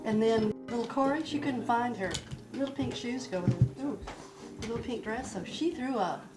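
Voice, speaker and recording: A woman's voice: fairly high pitch, moderate pace, lightly acted. An actress playing a chatty, gossipy mother of three who is late for dinner and tells jokes, in an indie film with music behind.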